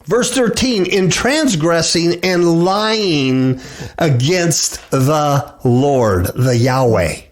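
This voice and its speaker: Middle-aged guy preaching scripture on his radio show, really animated, swoops up and down. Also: fairly high pitch. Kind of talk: preaching bible commentary.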